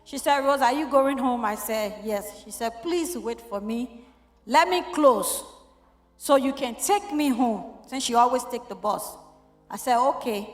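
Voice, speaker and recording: A woman's voice: high-pitched, a bit bright. A middle-aged woman telling an emotional story as a church testimony, quoting the people in it. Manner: emotional, storytelling with quoted dialogue. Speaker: church member giving testimony. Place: church hall. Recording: echoey church hall with faint music.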